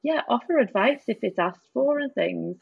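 A woman's voice: a little high, expressive, normal speed, vocal fry, slightly rough, no room sound. A woman doctor co-hosting a casual podcast chat, talking loosely with lots of fillers and hedges. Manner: chatty, hedging with many fillers.

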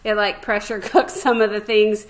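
A woman's voice: medium pitch, level tone, normal speed. Easygoing woman podcast co-host. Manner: easygoing, laughs often. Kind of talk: casual conversational chat.

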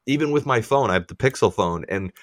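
A man with a low-pitched voice holding forth in casual podcast chat. He swears freely and rants with animated frustration. The sound is dry and close, with no room around it. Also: fast, dry recording. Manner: profane, ranting, animated complaints. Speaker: podcast co-host.

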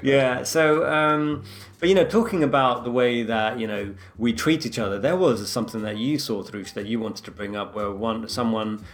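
A man chats casually as a podcast co-host. He is an animated storyteller who acts out every line he quotes. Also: medium pitch, normal speed. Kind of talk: casual chat.

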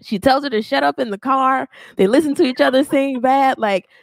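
A woman's voice: sits high, a little fast, creaky, no room sound. A woman co-hosting a casual podcast, talking expressively. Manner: expressive, animated storytelling. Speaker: podcast co-host. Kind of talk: casual chat.

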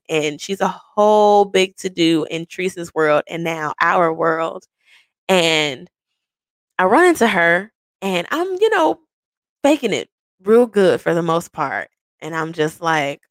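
A woman podcast host telling a personal story in a casual way, animated and often laughing. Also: no echo. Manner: animated, quick swings into high quoted voices; frequent laughs.

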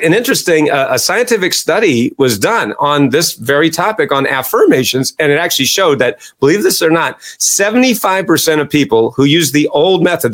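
A man being interviewed as an executive coach, explaining his ideas in an animated, storytelling way and often tagging his sentences with "right?" and "you know". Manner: animated storyteller, acts out quoted audiences with a raised pitch.

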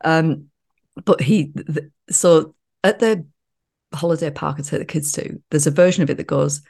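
A woman with a low, darkish voice and a moderate pace co-hosts a podcast. She tells stories in easygoing chat and laughs a lot.

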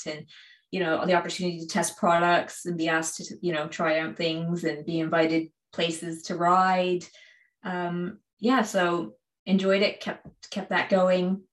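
A woman's voice: fairly low pitch, reverberant. A woman from Canada with a Canadian accent touched by a slight British twang, chatting in an interview about cycling with frequent laughs and fillers. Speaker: cycling YouTuber, guest. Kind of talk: casual interview chat.

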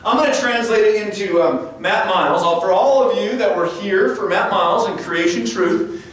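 A man's voice: sits high, normal speed, a bit bright. A man preaching a sermon as pastor, earnest, often restarting and stumbling over his words. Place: church sanctuary. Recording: echoey church room, distant mic, faint noise.

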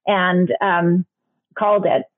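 A woman's voice: lowish voice, flat delivery, slow pace. A middle-aged woman, an interview guest, telling a personal story candidly with many restarts and fillers. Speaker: guest, author. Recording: phone-like remote line.

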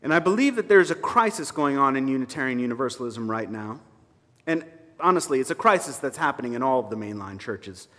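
A man's voice: mid-range voice, lively intonation, brisk, pushed and bright. A man preaching a sermon as a minister, conversational and emphatic, with wry asides to his congregation. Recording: reverberant hall sound.

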